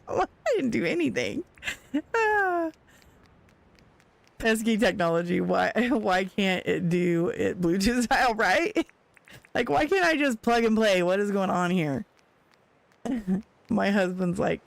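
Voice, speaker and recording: A woman streamer chatting casually with her viewers while gaming, retelling a story in an animated way with frequent laughs. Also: medium pitch, slow pace, gravelly, long pauses, dry recording.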